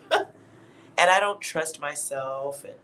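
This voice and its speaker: A man's voice: a little high, takes it slowly, sharp tone, slight background noise, rough recording. A man giving a casual, blunt tarot reading to his viewers, laughing at himself and swearing now and then. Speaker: tarot reader.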